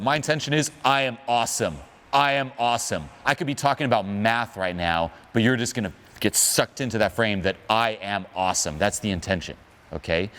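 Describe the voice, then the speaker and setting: A man coaching on social skills in an emphatic motivational talk, asking the audience questions. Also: on the low side.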